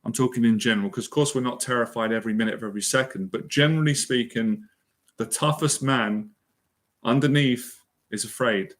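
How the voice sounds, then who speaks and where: A man's voice: mid-range voice, brisk, a bit bright. A man delivers a heartfelt motivational monologue about facing fear. He speaks with earnest emotion, repeating phrases for emphasis as he coaches his listeners. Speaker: anxiety and confidence mentor.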